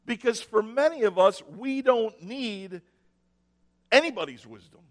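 A man preaching a sermon, telling stories with sarcastic mock cheer and dramatic pauses. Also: very high-pitched, expressive, a bit bright, in a large hall. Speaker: pastor. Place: church sanctuary.

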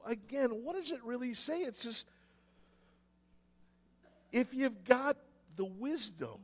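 A man preaching a sermon, telling stories with sarcastic mock cheer and dramatic pauses. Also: sits high, big-room sound. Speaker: pastor. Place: church sanctuary.

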